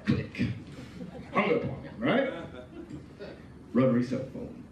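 A man's voice: mid-range voice, slow, highs cut off. A man doing a stand-up comedy set, telling stories and acting out the other voices. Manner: animated storytelling with acted-out voices. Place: comedy club stage. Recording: echoey room, distant mic, audience noise.

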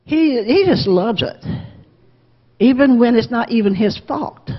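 A woman teaching a Bible lesson to a Sunday school class, lively, acting out the quotes and asking the class questions. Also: on the high side, measured pace, long pauses, husky. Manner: animated, acts out quotes, asks class questions. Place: church classroom. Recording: dull lo-fi with long church reverb.

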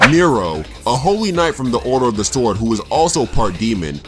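A man's voice: mid-range voice, sing-song, a little fast, music in the background. A man co-hosting a comedic game story recap, narrating plainly with wry asides. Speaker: co-host.

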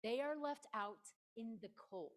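A woman's voice: on the high side, expressive, unhurried. A woman preaching a conversational sermon in a church, playful and emphatic, often stopping to speak directly to her listeners.

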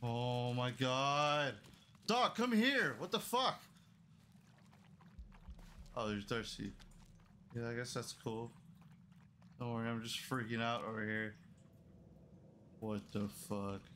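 A man's voice: mid-range voice, slow, long pauses, bright, forceful tone, slight background noise. A young man streaming a horror game live, reacting with panicky, swearing exclamations. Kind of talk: live horror gameplay commentary.

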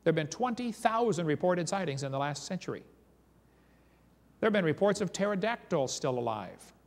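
A man with a slightly high voice speaks at a moderate pace, delivering a creation seminar as a lecture packed with dramatic storytelling. He's animated, reading eyewitness accounts aloud with emphasis. It's recorded in a large hall or church, with long reverb from the hall.

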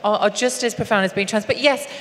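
A woman's voice: medium pitch, a bit bright. A woman activist speaking earnestly on stage at a live event, often restarting her sentences. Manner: earnest, halting with frequent restarts. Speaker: activist and guest. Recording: long hall reverb, faint noise.

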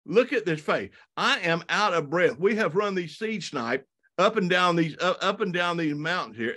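Southern man, slightly high voice, folksy presenter who tells stories and stumbles over his words for a live audience. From South Alabama and North Florida. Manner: folksy, animated, many restarts and repeated words. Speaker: wildlife photographer giving a talk. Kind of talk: storytelling slide presentation.

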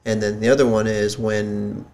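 A man co-hosting a podcast, chatting casually with quick interjections and questions. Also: lowish voice, flat delivery, a little mellow, slight background noise. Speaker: podcast co-host. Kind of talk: casual chat.

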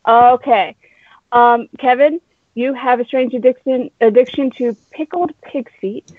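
Brisk woman setting up an improv scene. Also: a little high, no echo, narrow, tinny audio. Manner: brisk, laughs easily. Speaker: scene organizer giving points. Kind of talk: improv game hosting.

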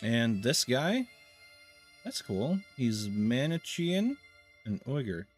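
A man's voice: mid-range voice, big pitch swings, slow, faint music behind. Wry, rambling man narrating gameplay. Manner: rambling and wry, with many fillers. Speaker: let's play host. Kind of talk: casual gameplay commentary.

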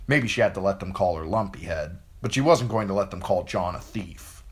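A man reading a novel aloud as an amateur audiobook narrator, in an expressive storytelling way. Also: low-pitched, brisk, few pauses.

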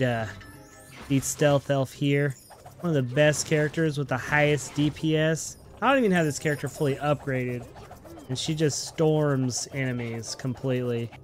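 A man hosting a gaming channel, giving upbeat, chatty let's-play commentary and talking playfully to his viewers. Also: medium pitch.

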